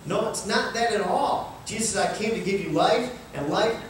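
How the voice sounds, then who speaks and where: A man preaching a sermon as pastor, animated and rising to fervent cries. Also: sits high, normal speed, slight background noise. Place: large church sanctuary. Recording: echoey room, miked from far off.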